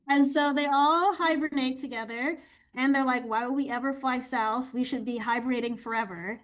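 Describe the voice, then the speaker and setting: A woman's voice: sits high, fairly even intonation, fairly bright tone. A woman participant casually reading her own comic, chatty and playing the characters briefly. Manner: chatty, uses "like" and quick character voices. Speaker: workshop participant.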